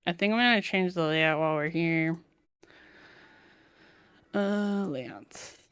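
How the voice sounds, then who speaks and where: Young woman, live stream chat, slow, smooth voice, giggly, close dry mic. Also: on the low side, fairly bright tone, no room sound. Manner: giggly, chatty, talks to her cat. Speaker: streamer building a keyboard.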